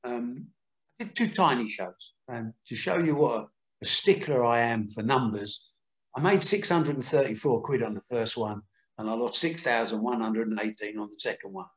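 Candid older promoter telling stories. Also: male voice, mid-range voice, normal speed, roomy sound. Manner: candid, earthy, acts out quotes. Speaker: boxing promoter. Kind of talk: anecdotal interview storytelling.

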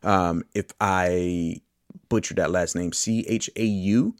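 Rambling deep-voiced man hosting a movie podcast. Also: steady tone, slow pace, dry recording, clean studio sound. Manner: rambling, enthusiastic, self-correcting. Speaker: podcast host. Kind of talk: casual movie podcast monologue.

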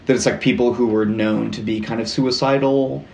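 A man's voice: medium pitch, steady tone, moderate pace, vocal fry, darkish tone, roomy sound. A man hosting a casual true-crime podcast, rambling and joking, often breaking off and restarting his sentences. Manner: rambling, self-interrupting, joking. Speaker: podcast host.

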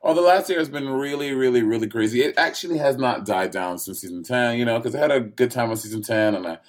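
A man's voice: medium pitch, quick pace. An American man, a drag performer, chatting as a guest in a brash, profane way and often laughing. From United States. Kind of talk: casual chat.

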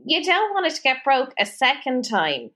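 Bright-voiced woman telling a funny story. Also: sits high, normal speed. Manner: animated storytelling, laughs often, acts out quotes. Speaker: podcast co-host. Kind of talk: casual chat.

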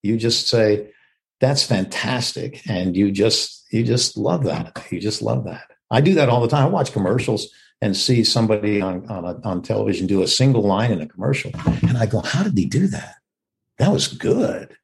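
A man's voice: on the low side, a little fast, creaky. An older man, an actor, talking reflectively about acting in an interview and acting out quoted lines as he goes. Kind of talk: conversational interview.

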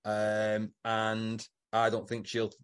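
A man's voice: lowish voice, completely flat delivery, takes it slowly, smooth. Male co-host, joking, teasing chat voice. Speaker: podcast co-host. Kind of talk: casual chat.

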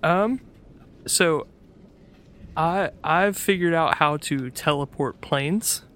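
A man's voice: a little high, fairly bright tone. Hesitant man playing a tabletop game. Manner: hesitant, halting. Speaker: player. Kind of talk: tabletop role-play.

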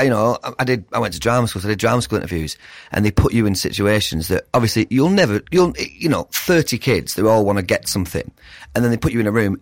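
A man hosting a casual interview, chatty and animated, laughing often. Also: mid-range voice, dry recording, clean studio sound. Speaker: podcast host.

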